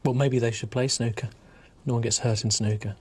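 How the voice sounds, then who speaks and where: A man's voice: mid-range voice, steady tone, fairly quick, darkish tone, breathy edge, close to an everyday voice. An actor playing a dry, teasing male radio sidekick. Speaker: co-host.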